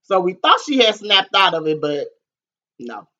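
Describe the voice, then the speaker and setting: A woman vlogger telling a story in a casual, animated, profane way, laughing often and acting out what people said. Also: fairly low pitch, unhurried, dull audio.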